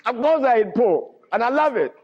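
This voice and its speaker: A middle-aged man lecturing to a live audience, telling stories in an animated way and often chuckling. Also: extremely high pitch, moderate pace, breathy edge. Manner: animated storytelling with frequent chuckles. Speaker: lecturer on herbal healing. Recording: lo-fi archival lecture recording.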